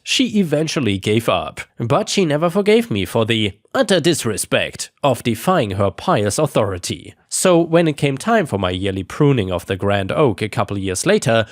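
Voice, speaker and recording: A man's voice: mid-range voice, no echo, clean studio sound. A man narrating a dramatic first-person neighbor-dispute story with a sarcastic, indignant manner.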